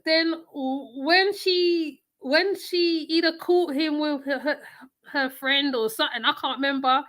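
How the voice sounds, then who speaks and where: Woman reacting to a clip, high sharp voice, blunt and keeps repeating herself. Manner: blunt, repetitive, talks back to the clip. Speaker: channel host reacting to clips. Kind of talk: casual reaction commentary.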